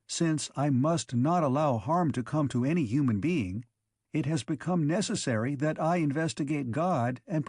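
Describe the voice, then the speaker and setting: A man's voice: on the high side, slightly rough, no echo, clean studio sound, exaggerated voice. A man doing a fixated, coldly logical robot. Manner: flat, methodical reasoning. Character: obsessive logical male robot brain.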